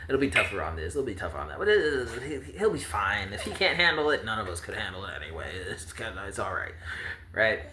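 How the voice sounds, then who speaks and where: A man's voice: fairly low pitch, big pitch swings, fast talker, noisy background. A man telling a fantasy story casually, rambling and joking with chatty asides. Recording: roomy echo with faint ambience.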